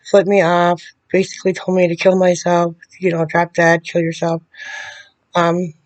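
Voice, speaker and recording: A woman speaking straight to the camera in a video letter, bitter and confrontational, often halting and restarting her sentences. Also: fairly low pitch, darkish tone. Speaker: vlogger addressing a public figure.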